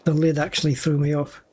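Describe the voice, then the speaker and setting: A man's voice: a little high, darkish tone, slight background noise. A man streaming a space game from home, muttering dry, wry remarks to himself as he plays. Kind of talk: casual livestream commentary. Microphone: desk mic at a gaming rig.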